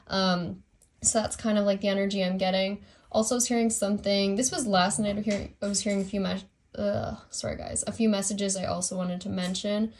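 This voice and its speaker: A woman's voice: medium pitch, fairly even intonation, brisk, darkish tone. A young woman giving a casual tarot reading at home, rambling through many fillers and apologizing for her slips. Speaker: tarot reader.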